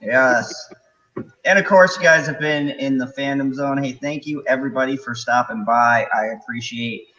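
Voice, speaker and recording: A man's voice: mid-range voice, normal speed, pushed and bright. Guy hosting a fan chat stream, jokey, laughs a lot, kinda muffled lo-fi sound. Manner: laughs often, loose and joking. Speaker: host. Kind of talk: casual chat.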